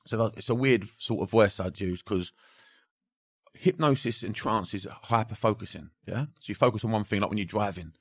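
Bloke, hypnotherapist, casual swearing chat, dry close mic. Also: male voice, fairly low pitch, fairly quick, slightly rough, no room sound. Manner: swears casually, drops to near-whispers for demonstrations. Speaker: hypnotherapist guest.

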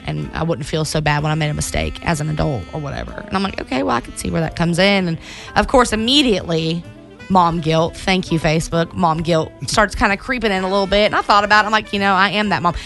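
A woman's voice: fairly low pitch, animated, fast, gravelly, fairly bright tone, soft background music. Chatty young woman radio co-host. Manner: chatty storyteller, emotional, laughs often. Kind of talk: casual morning radio chat.

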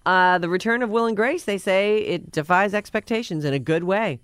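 A woman's voice: mid-range voice, fairly quick, smooth, no room sound, studio quality. A woman hosting a casual talk show, chatting loosely about movies and TV news with fillers and restarts. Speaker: radio show host. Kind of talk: casual show chat reading entertainment news.

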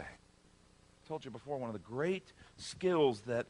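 A middle-aged male pastor giving a conversational sermon, joking in asides and swelling loud for emphasis. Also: mid-range voice, lively intonation, slow, slight background noise.

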